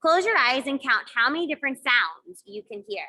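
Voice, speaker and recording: A woman with a bright, crisp, fairly high voice leads children through yoga and mindfulness exercises. She gives gentle, encouraging instructions and adds playful sound effects along the way. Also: lively intonation, normal speed, hardly any pauses, rough recording. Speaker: kids yoga teacher. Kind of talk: guided kids yoga and mindfulness.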